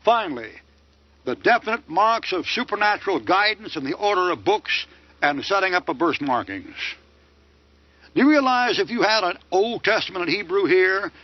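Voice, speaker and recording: Older man, combative preacher, high animated voice, dull lo-fi sound. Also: fairly quick. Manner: combative, rhetorical questions with mocking answers. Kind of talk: sermon lecture. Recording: dull lo-fi dry recording.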